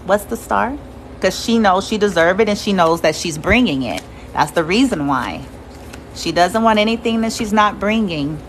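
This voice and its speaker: A woman giving a casual tarot reading to her viewers, blunt and quick to swear and laugh. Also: medium pitch, expressive, a little hiss or hum, poor audio. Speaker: tarot reader.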